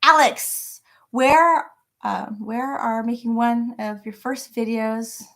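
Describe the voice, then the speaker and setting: Middle-aged woman, slightly high voice, bubbly live-stream host chatting from her home office. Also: fairly even intonation, slow, a bit bright. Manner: bubbly, greets viewers by name. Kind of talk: casual live-stream chat.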